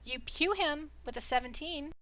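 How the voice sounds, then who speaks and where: A woman's voice: high-pitched, moderate pace, a bit bright. A woman narrating as dungeon master in a casual way, with playful sound effects and fillers, over an online voice call. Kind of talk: narrating a tabletop game.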